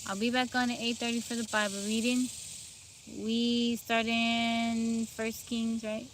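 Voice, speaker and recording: A woman's voice: a little high, measured pace. Woman host, outdoor phone livestream, laid-back chat greeting viewers, sleepy, bugs buzzing behind her. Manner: relaxed, greets viewers by name. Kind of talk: casual live stream chat. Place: outdoors among trees. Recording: outdoor phone stream with bug noise. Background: insects and outdoor ambience.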